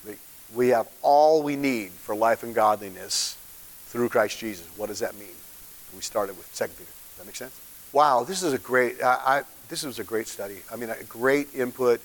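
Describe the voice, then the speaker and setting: Man, pastor, conversational sermon, questions to the room, mid-pitched voice, long hall reverb. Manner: informal, animated, asks the room questions.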